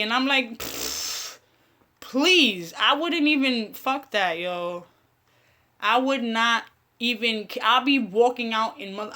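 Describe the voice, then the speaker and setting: Brash New woman host, high and sharp, profane casual commentary. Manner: blunt, profane, heated, talks to her chat. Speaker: online radio show host.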